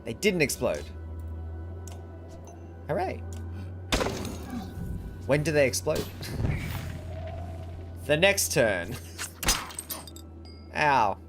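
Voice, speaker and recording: A man plays through a strategy game on stream, chatting wryly to viewers. His pitch rolls lively up and down, with faint music playing underneath. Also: drawn-out words, pauses often. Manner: chatty, wry, laughs often. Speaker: gaming streamer. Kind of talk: casual let's-play commentary.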